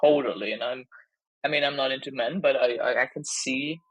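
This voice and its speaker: A woman's voice: extremely low pitch, fairly quick, no echo, muffled recording. A woman from Germany, a stand-up comedian chatting as a podcast guest and telling stories animatedly. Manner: animated storyteller, quotes herself often. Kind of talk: casual podcast chat.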